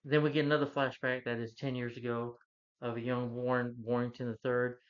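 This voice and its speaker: A man's voice: mid-range voice, level tone, a little fast. Rambling man reviewing a movie, lo-fi. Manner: rambling, restarts, hums the score and quotes lines.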